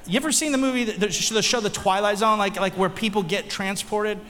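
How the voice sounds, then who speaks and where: Speaking fairly quickly with hardly any pauses, a middle-aged pastor with a high voice preaches, joking and telling animated stories with his congregation. A little hiss or hum joins the long hall reverb and faint music.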